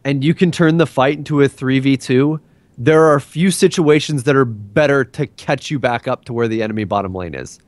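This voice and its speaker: A man on a gaming podcast chimes in with measured follow-up points. His voice is middle-pitched and sounds dry and close, with no room around it. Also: dry recording. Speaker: podcast panelist. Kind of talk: casual chat.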